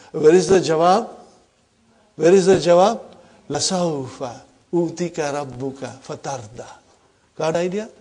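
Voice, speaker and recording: A man teaching an Arabic grammar class, repeating example sentences slowly and often checking in with the students. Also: fairly high pitch, a little mellow. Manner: checks in often with "huh?" and "are you with me".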